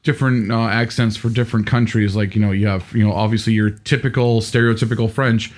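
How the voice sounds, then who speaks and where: A man's voice: lowish voice, fairly even intonation, fast. An American man co-hosting a podcast, talking casually about character voices and packing his speech with "you know.". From United States. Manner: chatty, many fillers like "you know". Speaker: podcast co-host. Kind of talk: casual chat about running tabletop games.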